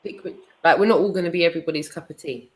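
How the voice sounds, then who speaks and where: A woman's voice: fairly low pitch, racing, rough recording. A woman with a British accent speaking in a defiant, blunt, slangy way during a casual online conversation. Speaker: co-host.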